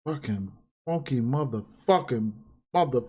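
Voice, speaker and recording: A man's voice: medium pitch, expressive, a little slow, darkish tone, slightly rough. A man ranting casually and profanely on a livestream about sports bets, repeating himself and getting heated. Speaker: sports betting streamer.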